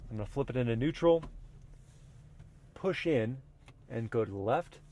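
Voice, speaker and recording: A man reviewing a pickup truck, casually explaining what he does as he drives it slowly along an off-road trail. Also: mid-range voice. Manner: relaxed, explanatory, thinking aloud. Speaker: car reviewer. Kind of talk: casual driving commentary. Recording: vehicle noise clearly heard. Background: engine and trail noise.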